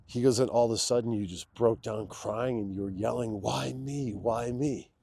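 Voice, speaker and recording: A man guesting on a podcast, telling a personal story in a loose, candid way, dropping to a hush when he quotes someone. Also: on the low side, fairly even intonation, a little fast, no echo. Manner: loose and candid, drops into a hushed voice when quoting. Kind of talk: casual conversational storytelling.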